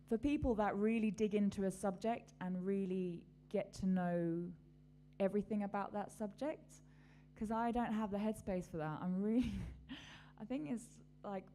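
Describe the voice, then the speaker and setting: A woman's voice: mid-range voice, mellow, a little hiss or hum. A woman hosting a casual live-stream chat, talking in a rambling, chatty way with lots of fillers. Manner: rambling, chatty, many fillers and little laughs. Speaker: host.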